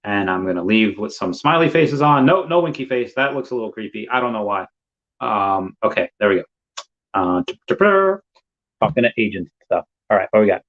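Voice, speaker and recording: A man's voice: fairly low pitch, brisk, a bit bright. A man hosting a live podcast, chatting casually and rambling with many fillers as he reads comments. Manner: rambling, laid-back, lots of fillers. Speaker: podcast host. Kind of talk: casual live-stream chat. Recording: dull lo-fi stream audio.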